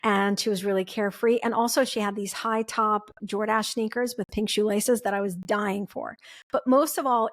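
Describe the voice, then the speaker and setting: A woman in her forties, raised in the former Soviet Union, hosting a podcast and telling a personal story in an earnest, reflective way. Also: mid-range voice. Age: 40s. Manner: earnest and reflective, with frequent "right?" and "like". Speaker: podcast host.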